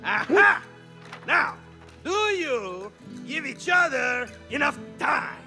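A man's voice: very high voice, very animated, slow pace, sharp tone, exaggerated voice. A man voicing a flamboyant talking book that guides a couple, with theatrical, grand announcements. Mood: probing. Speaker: game character. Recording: game audio with music behind.

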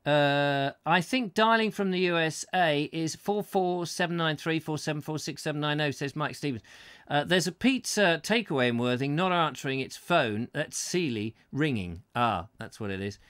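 A man's voice: a little high, expressive, moderate pace, fairly bright tone, dry recording, studio quality. A man hosting a live comedy chat show, rambling through viewer comments and often laughing at himself. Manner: chatty and self-mocking, often laughs and trails off with fillers.

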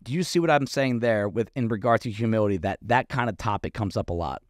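A man's voice: fairly low pitch, fast talker, dry recording, studio quality. A man co-hosting a fitness podcast, talking casually in a rambling, self-questioning way with frequent fillers. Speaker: podcast co-host, fitness coach.

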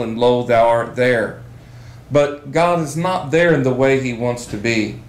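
Guy giving a slow bible lesson, mid-pitched voice, echoey room. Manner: measured, reads scripture slowly with emphasis. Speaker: Bible teacher. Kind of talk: Bible study lecture.

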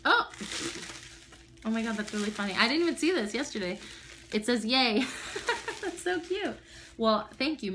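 A woman's voice: on the high side, noisy background. A young woman with a bubbly, gushing manner, talking casually to camera in an unboxing vlog at home. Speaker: vlogger.

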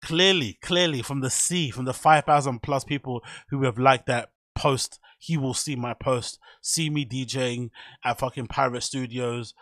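A man's voice: mid-range voice, moderate pace, fairly bright tone, no echo, studio quality. A man hosting a casual solo podcast, chatty and self-mocking. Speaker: podcast host.

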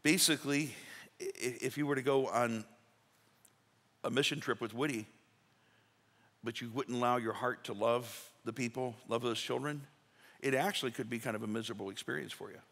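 A man's voice: mid-range voice, fairly even intonation, normal speed, pauses often, fairly bright tone. A male pastor preaching a sermon in a folksy, conversational way, acting out little quotes. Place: church sanctuary. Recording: reverberant church sanctuary.

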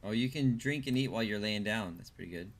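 A man's voice: lowish voice, fast talker. A man casually commenting while he plays a video game and chats with viewers, thinking aloud as he goes. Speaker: streamer.

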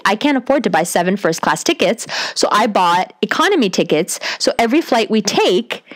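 A woman's voice: mid-range voice, close to an everyday voice. A woman voicing a polite male TV producer who earnestly explains a seating request.

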